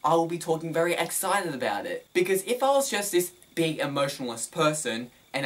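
Energetic man vlogging from his bedroom. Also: fairly high pitch, fairly quick, few pauses. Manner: energetic, emphasizes words. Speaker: film review vlogger. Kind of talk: casual advice vlog.

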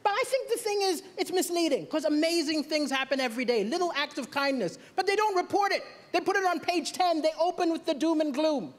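A man from Malawi, performing a stand-up comedy set on a theatre stage with deadpan punchlines and playful asides. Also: very high-pitched, a little fast, few pauses. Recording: stage mic with noisy crowd. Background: audience laughter and cheering.

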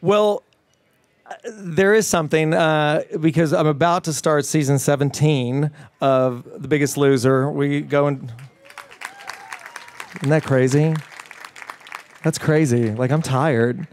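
A middle-aged man as the guest in a casual interview, talking with animated enthusiasm and many fillers and restarts. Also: on the high side, takes it slowly, pauses often, a faint crowd. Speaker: fitness trainer guest.

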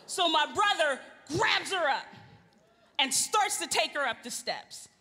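A woman with a high, bright voice tells comic stories to a live crowd and often laughs as she goes. Her pitch leaps up and down. The sound has long hall reverb and a faint room murmur behind it. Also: measured pace. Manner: animated, laughing, addresses the crowd. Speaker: speaker at a women's event. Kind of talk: comic storytelling to a live audience. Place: large event hall.

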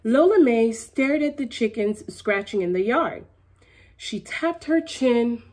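A woman reading a children's picture book aloud, animated and laughing along with the story. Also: a little high, slow.

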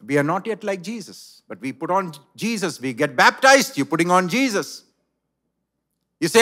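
A man's voice: high voice, sing-song, normal speed, sharp tone. A male pastor preaching a sermon in a church, telling a story dramatically.

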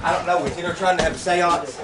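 A man's voice: sits high, steady tone, fast talker, crowd noise. A man in home video footage, urgent and coaxing, swearing as he rallies others.

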